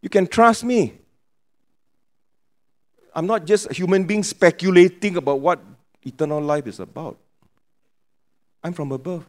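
A man's voice: sits high, a little slow, pauses often, voice pushed up. A man voicing an earnest divine figure who insists, repeating himself, that he comes from heaven, with a Penang accent. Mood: insistent. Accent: Penang English.

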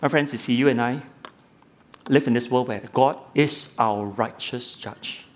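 A middle-aged male lay preacher delivering a sermon, neither high nor low in pitch. He builds his point through a courtroom story and rhetorical questions. He often stumbles and repeats a word as he starts a new phrase. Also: a little slow. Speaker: lay preacher, former judge.

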